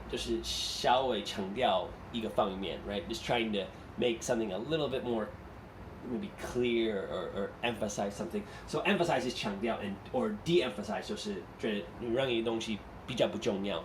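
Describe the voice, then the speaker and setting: A male English teacher giving a recorded class lecture, explaining and rephrasing his points as he goes. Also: on the low side. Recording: echoey room with faint noise.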